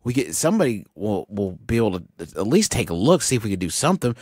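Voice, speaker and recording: A man playing a tabletop game in casual, lively role-play. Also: on the low side, quick pace, few pauses, breathy edge, no echo, clean studio sound. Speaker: player.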